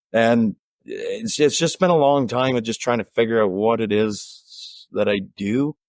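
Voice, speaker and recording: A man with an Ottawa Valley country twang, chatting casually as a guest in an interview, relaxed and rambling with fillers and restarts. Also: mid-range voice, unhurried, no echo, studio quality. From Ontario, Canada. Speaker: guest musician.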